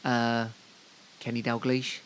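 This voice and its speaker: A man's voice: mid-range voice, monotone, takes it slowly, a bit bright, clean tone. A man from Devon co-hosting a casual football podcast, rambling through the news with dry, joking asides. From Devon, England. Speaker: podcast co-host.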